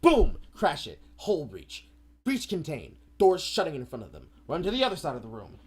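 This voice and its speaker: A man casually recapping a film plot on a stream, animated and swearing freely. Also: fairly high pitch, normal speed, breathy edge. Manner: animated, profane storytelling. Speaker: stream co-host.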